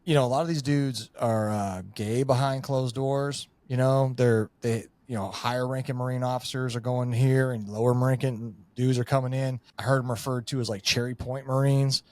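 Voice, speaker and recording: A man's voice: mid-range voice, fairly even intonation, normal speed, hardly any pauses, a little mellow, dry recording. A middle-aged man, a former Marine, talking in a rambling, profane way with lots of fillers in a casual podcast chat.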